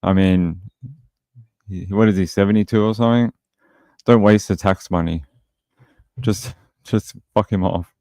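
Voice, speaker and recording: A low-voiced Australian man hosts a true crime stream in a casual, chatty way, reading viewer comments and answering them bluntly. His voice is recorded close and dry, with no room sound. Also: fairly even intonation, unhurried, long pauses, warm tone, dry recording. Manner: blunt and opinionated, with many fillers. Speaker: true crime livestream host.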